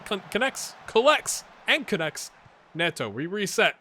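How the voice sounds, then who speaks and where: A middle-aged man giving live gameplay commentary on his football management game, swinging from low mutters to excited shouts. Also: measured pace. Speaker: gaming YouTuber.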